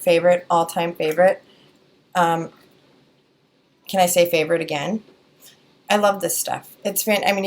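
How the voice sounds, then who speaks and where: Chatty Wisconsin woman with vocal fry. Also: fairly low pitch. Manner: chatty, rambling, frequent fillers and restarts. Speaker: beauty vlogger. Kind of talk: casual product review chat.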